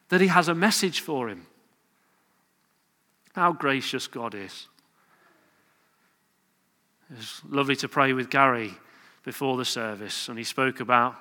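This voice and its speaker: A man's voice: a little high, pushed and bright. A man preaching a sermon in a church, earnest and often building to emphatic, questioning exhortation. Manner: earnest, rising to emphatic exhortation, acting out quoted voices. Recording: reverberant church hall.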